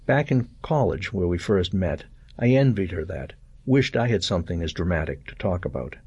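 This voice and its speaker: An older man reading a first-person short story aloud in a calm, measured way. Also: low-pitched, slightly rough, no echo, dull audio. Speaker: narrator.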